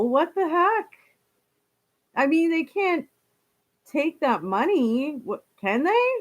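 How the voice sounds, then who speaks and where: A woman's voice: a little high, big pitch swings, a little slow. A woman chatting casually on a live stream, reading viewer comments aloud and laughing often.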